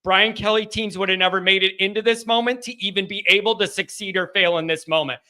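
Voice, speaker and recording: A man hosting a live postgame fan call-in stream, talking emotionally and excitably and sometimes shouting. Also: sits high, fast talker. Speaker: host of a fan call-in show.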